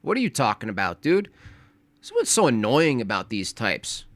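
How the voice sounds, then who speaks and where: A man's voice: mid-range voice, wildly swooping pitch, normal speed, fairly bright tone, no room sound. A man giving sarcastic, mocking reaction commentary on a video he is watching.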